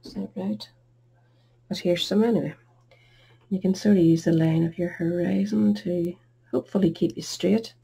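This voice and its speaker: Middle-aged woman, low gravelly voice, chatty self-deprecating crafting host at her table. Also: fairly even intonation, moderate pace, pauses often, warm tone. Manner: chatty, self-deprecating, talks while working. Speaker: card-making tutorial host. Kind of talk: casual crafting tutorial.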